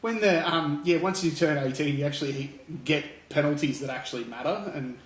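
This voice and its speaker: Brief: Australian bloke, co-host, slightly high voice, rambling, echoey room. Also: male voice, a little fast. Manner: rambling, laughing storyteller. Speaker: podcast co-host. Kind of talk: casual chat.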